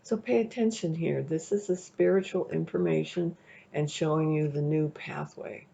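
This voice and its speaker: Gravelly-voiced woman reading tarot. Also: sits low, normal speed, warm tone. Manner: chatty, rambling, checks in with "okay?". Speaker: tarot reader. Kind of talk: casual tarot reading to camera. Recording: dull lo-fi recording.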